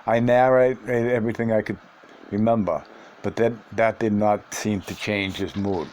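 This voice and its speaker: A man reading a first-person book aloud in a measured, earnest way. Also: fairly low pitch, a little mellow. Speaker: audiobook reader.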